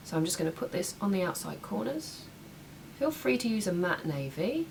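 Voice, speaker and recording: A woman's voice: mid-range voice, big pitch swings, normal speed, gravelly. A young woman chatting casually through a makeup tutorial at home, making small asides as she works. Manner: chatty, talks while working, some asides. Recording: slightly distant mic, faint room noise.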